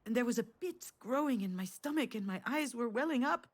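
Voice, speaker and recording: A woman's voice: lively intonation, a little fast. An actress voicing a loving mother who tells her daughter a tender childhood memory in a narrative game. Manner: tender storytelling, low and intimate.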